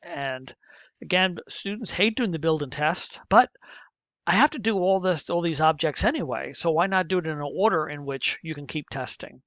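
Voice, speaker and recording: Stepping through a programming lesson, a middle-aged man mutters to himself as he types in this screen recording. His voice is a little high and fairly bright at a normal speed, recorded with no room sound on a dull, muffled lo-fi mic.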